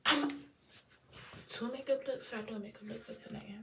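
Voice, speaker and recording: A young woman from Washington, D.C., with a D.C. accent, chatting in a casual unboxing vlog in her home bathroom. She talks in lively slang, with big swings in pitch and loudness. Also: brisk, vocal fry, very noisy. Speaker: beauty vlogger.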